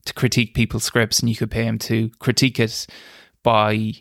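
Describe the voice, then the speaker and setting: Man, young adult, gravelly voice, dry close sound, laughs at himself, casual interview. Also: fairly low pitch, completely flat delivery, a little fast, no echo. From Ireland. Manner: self-deprecating, laughs while telling stories, frequent restarts. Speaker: screenwriter guest.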